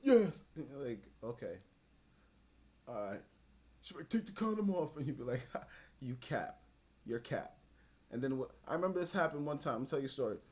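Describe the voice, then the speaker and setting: A man's voice: mid-range voice, brisk, long pauses. A man hosting a reaction video, commenting and telling stories in a blunt, slangy way that swings between mumbling and sudden outbursts. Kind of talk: casual commentary and storytelling.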